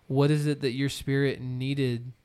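A man co-hosting a podcast, asking a thoughtful, halting question. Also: mid-range voice, flat delivery, darkish tone, smooth. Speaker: podcast co-host. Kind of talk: interview questions.

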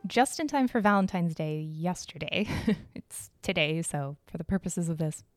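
A woman's voice: fairly low pitch, animated, normal speed, loud music behind the voice. A young woman hosting a casual solo podcast, chatty and enthusiastic, giggling and correcting herself as she goes. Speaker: podcast host.

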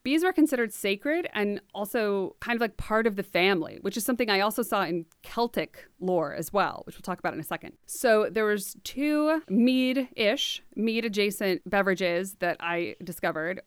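Chatty American woman with a smooth voice. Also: mid-range voice, normal speed, few pauses, dry recording, clean studio sound. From United States. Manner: animated, jokey storytelling with asides. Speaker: podcast host. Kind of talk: casual podcast chat.

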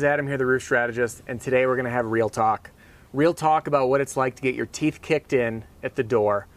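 Brief: male host, mid-pitched, punchy pep-talk delivery, casual slang. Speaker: sales trainer and show host. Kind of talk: motivational talk.

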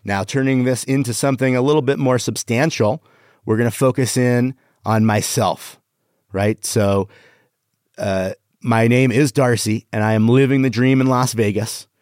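A middle-aged man hosting a casual podcast, reading corny one-liners and pushing his punchlines high in pitch. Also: fairly even intonation, moderate pace, darkish tone, no echo, clean studio sound. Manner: reads jokes aloud with exaggerated rising punchlines. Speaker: podcast host. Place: Las Vegas.

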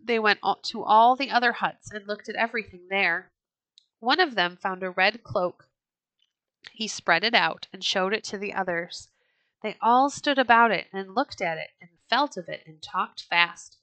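A woman narrates a children's storybook in a measured, expressive read-aloud manner. Her voice is bright and clear, and the recording is close and dry with no room sound. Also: mid-range voice, dry recording.

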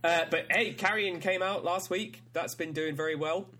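A man's voice: fairly high pitch, moderate pace, over music. A man co-hosting a podcast in casual banter, laid-back and hesitant, laughing often. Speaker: podcast co-host.

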